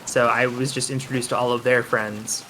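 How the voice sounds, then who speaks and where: A man's voice: mid-range voice, little pitch movement, moderate pace, sharp tone, slight background noise, low-quality recording. A man doing casual live commentary on a speedrun, joking and rambling with lots of fillers. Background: game music.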